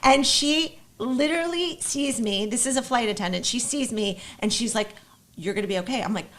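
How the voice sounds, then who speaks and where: A woman, a show producer, telling an animated story in casual chat and laughing often. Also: fairly high pitch, moderate pace.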